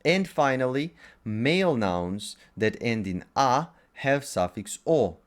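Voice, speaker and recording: A man's voice: mid-range voice, lively intonation, takes it slowly. A man teaching a language lesson, methodically going through word pairs with short asides. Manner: methodical, lists words in pairs with brief asides.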